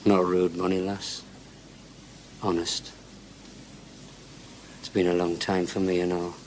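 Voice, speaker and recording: A plain-spoken, slightly drunk fellow making a pass in an old television drama. His voice sits low and speaks with blunt, unvarnished directness. Faint room ambience hangs behind him. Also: level tone, slow, darkish tone, a little hiss or hum, poor audio. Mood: blunt, flirty. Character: tipsy, blunt man flirting with a woman.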